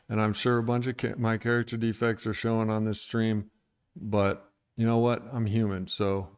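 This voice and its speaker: A man's voice: lowish voice, level tone, measured pace, long pauses, clear, resonant tone. A man talking candidly and bluntly about his recovery on a livestream, irritated and venting with profanity. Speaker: recovery streamer.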